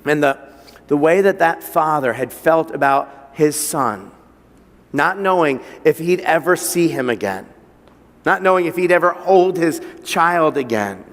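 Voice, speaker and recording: A man's voice: on the high side, expressive, a little slow, big-room sound. A man preaching a sermon as pastor, telling a story with frequent stutters on repeated words and building to emphatic passages. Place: church hall.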